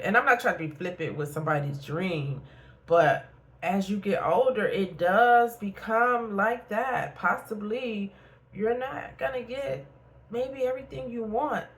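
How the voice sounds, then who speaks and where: A middle-aged woman who works as a therapist and life coach speaks frankly in a casual motivational vlog. Her voice sits on the high side, and she repeats points for emphasis.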